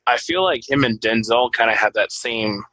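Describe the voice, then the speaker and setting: A man's voice: medium pitch, moderate pace, bright, forceful tone, no echo, rough recording. A man co-hosting a podcast, casually rambling about films he has seen. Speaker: podcast co-host. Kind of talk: casual movie review chat.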